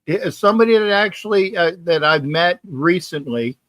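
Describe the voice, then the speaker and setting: A man's voice: high-pitched, expressive, moderate pace, fairly bright tone, no echo. A man hosting a live sports talk stream, chatting casually and reading viewer comments, rambling and often repeating himself. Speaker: sports talk livestream host.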